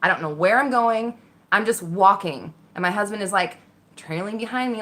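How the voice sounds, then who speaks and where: A woman telling a personal story casually, candid and animated, swearing freely and acting out the voices in her head. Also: medium pitch, moderate pace, slight background noise. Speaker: vlogger.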